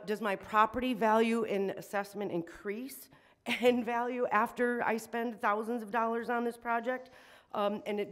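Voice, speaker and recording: An upset woman making a public comment at a city meeting, emotional and shaky, with frequent ums. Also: mid-range voice. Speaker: resident speaking at public hearing. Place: city council meeting room.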